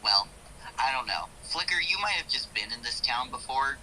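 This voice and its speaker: A man's voice: mid-range voice, expressive, moderate pace, bright, forceful tone, a little hiss or hum, rough recording. A man running a tabletop role-playing game as game master, describing scenes to the players with light jokes.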